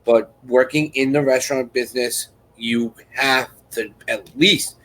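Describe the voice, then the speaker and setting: A man's voice: mid-range voice, fairly even intonation, a little slow, hardly any pauses, fairly bright tone, low-quality recording. A man hosting a live chat, telling a rambling story and acting out other people's lines. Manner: rambling and repetitive, restarts sentences; acts out others' lines in quoted voices.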